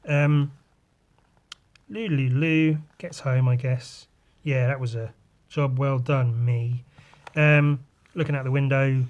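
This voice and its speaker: A man hosting a podcast, talking casually through a comic in a loose, sweary, rambling way, his voice a little rough today. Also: mid-range voice, measured pace. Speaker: podcast host.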